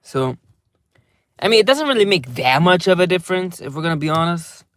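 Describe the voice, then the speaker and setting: A man's voice: high-pitched, expressive, a little fast, a bit bright, no echo. Laid-back young man vlogging from his car. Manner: loose, rambling, laughs often, playful. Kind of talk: casual vlog chat. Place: inside a parked car.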